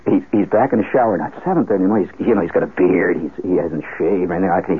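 Low-voiced man rambling through a funny story, lots of asides and restarts, sounds like an old broadcast through a phone line. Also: quick pace, husky. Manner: animated, with frequent restarts and asides. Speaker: radio storyteller. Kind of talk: rambling comic monologue.

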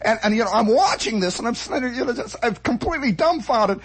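Man, comic storyteller, husky voice, high and lively pitch, acts out sound effects. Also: fast.

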